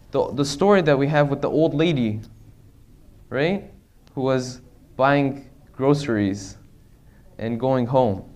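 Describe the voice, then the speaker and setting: A man's voice: medium pitch, darkish tone. A man giving an earnest religious lecture to a congregation, often checking in with rhetorical questions.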